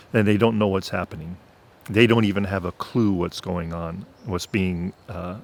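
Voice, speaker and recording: Slow-talking earnest Christian man. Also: on the low side. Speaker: channel host. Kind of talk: faith testimony talk.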